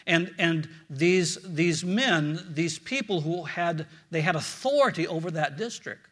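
A man preaching a sermon as a pastor, earnest and storytelling, often repeating words and dropping low and quiet for prayers. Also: animated, a little slow.

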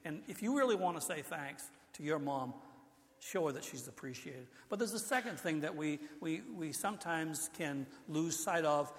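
A man's voice: on the high side, a bit bright. An older man preaching a sermon in a church, talking in a conversational way, often restarting his sentences. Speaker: pastor. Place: church sanctuary. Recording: long hall reverb.

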